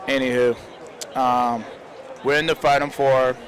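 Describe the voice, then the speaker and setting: A man's voice: mid-range voice, little pitch movement, measured pace. A young man giving casual live commentary on a stream, rambling and heartfelt, often adding "man" to his sentences.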